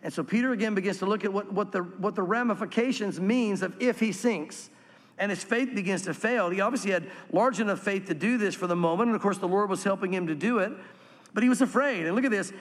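A man preaching a sermon as pastor, earnest and swinging from animated to hushed. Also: high voice, quick pace, long reverb tail.

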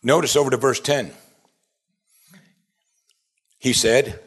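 Male pastor, sermon, animated delivery, rhetorical questions, husky tone. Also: medium pitch, normal speed, pauses often. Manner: animated, asks the audience many rhetorical questions.

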